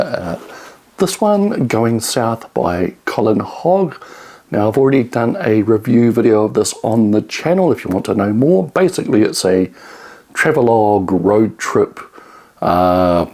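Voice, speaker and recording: New man, book vlogger, lowish pitch, chatty and meandering. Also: darkish tone. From New Zealand. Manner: rambling, many ums and restarts. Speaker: book reviewer. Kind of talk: casual book haul talk.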